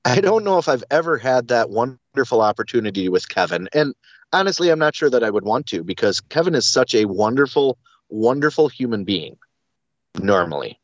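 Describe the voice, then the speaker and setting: Lively joking man from Wisconsin. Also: mid-range voice, fairly quick, no echo, muffled recording. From central Wisconsin. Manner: joking, self-deprecating. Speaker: podcast guest. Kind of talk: casual chat.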